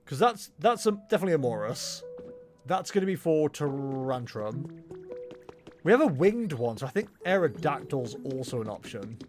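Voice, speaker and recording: A man's voice: medium pitch, sing-song, moderate pace, music in the background. A man chatting casually and rambling with self-mocking humor while livestreaming a game. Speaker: streamer. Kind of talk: casual gameplay livestream chat.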